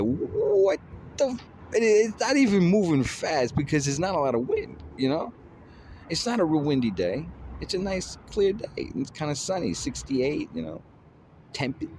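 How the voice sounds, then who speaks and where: A man's voice: medium pitch, slight background noise. A man rambling in a casual monologue, drawling with lots of fillers like "you know" and "man".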